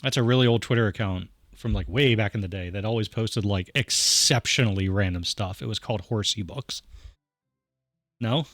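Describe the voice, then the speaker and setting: A man's voice: on the low side, normal speed, fairly bright tone, no echo, studio quality. A man playing through a dating game, reading lines aloud and joking along. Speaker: game streamer.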